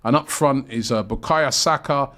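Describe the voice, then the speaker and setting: A man's voice: medium pitch, moderate pace, a bit bright. A man hosting a casual football chat show, chatty and rambling with lots of fillers. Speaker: show host.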